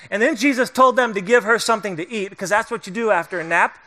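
A middle-aged male pastor preaches a sermon in a loose, conversational way, joking with the congregation and acting out the voices of the people in the story. His voice sits high and sounds bright and forward. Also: quick pace, few pauses.

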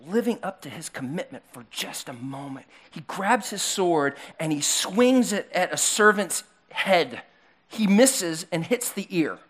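A man preaches to a congregation in a church hall, calling for slides as he goes. He tells the story in an animated way, acting out the characters in voices of their own. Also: high voice. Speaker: pastor. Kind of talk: sermon.

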